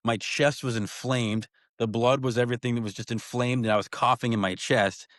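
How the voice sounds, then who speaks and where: A man talking as a podcast guest, telling stories in a casual, animated way full of slang like "bro" and "dude". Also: mid-range voice, brisk, no room sound, clean studio sound. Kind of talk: casual storytelling chat.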